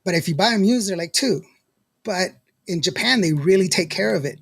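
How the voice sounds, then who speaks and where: A man's voice: high-pitched, animated, fairly quick, gravelly, fairly bright tone, slightly rough, no echo, studio quality. A man hosting a podcast in casual chat, rambling and laughing often as he reads out live comments. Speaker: podcast host.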